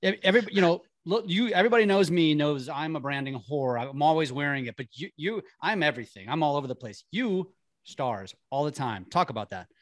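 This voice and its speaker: A man hosting an interview, energetic, often restarting his sentences. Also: a little high, brisk, no echo, clean studio sound. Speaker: host. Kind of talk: casual interview chat.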